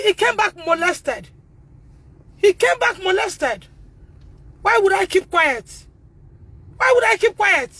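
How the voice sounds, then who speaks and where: Distraught high-pitched Nigerian mother. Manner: distressed, pleading, repeats phrases, bursts into shouting. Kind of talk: emotional self-recorded video.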